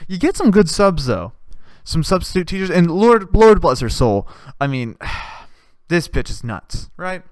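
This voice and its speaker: A young adult podcast host ranting through a profane comic story. The pitch swings widely and lively, and the voice sits dry and close with no room sound. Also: a little slow, no room sound. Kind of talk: comedic storytelling monologue.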